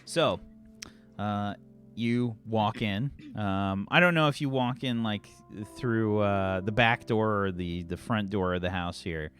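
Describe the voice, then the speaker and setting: Bright-voiced, rambling game master. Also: male voice, lowish voice, slow, faint music behind. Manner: casual, rambling narration with fillers. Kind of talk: narrating a tabletop game.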